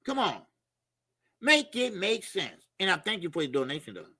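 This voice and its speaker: A man's voice: high voice, wildly swooping pitch, normal speed, pushed and bright, breathy edge, no echo, clean studio sound. A middle-aged man hosts a casual boxing livestream. He talks loose and profane, laughs a lot and reads out viewer comments and donations.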